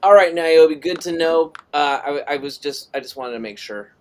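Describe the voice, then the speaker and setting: A man's voice: a little high, moderate pace, clean tone. A middle-aged man hosting a live drawing stream, chatting casually and reading out viewer messages. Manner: rambling, reads chat messages aloud. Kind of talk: casual chat while drawing.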